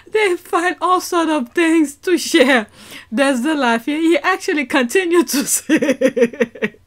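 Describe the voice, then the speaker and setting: A woman's voice: sits high, slow. A woman reacting to a video clip in casual commentary, breaking into laughter again and again. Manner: keeps breaking into helpless laughter.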